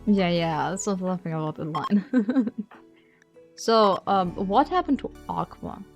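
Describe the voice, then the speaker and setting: A woman streamer chatting casually during a game, talking slowly with lots of repeated words and giggles. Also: medium pitch, soft background music.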